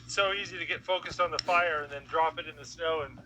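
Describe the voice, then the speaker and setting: Brief: man, slightly higher voice, practical outdoor narration, clear background noise. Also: steady tone, quick pace. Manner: plain, practical explaining. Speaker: outdoor vlogger. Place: outdoors in snowy woods.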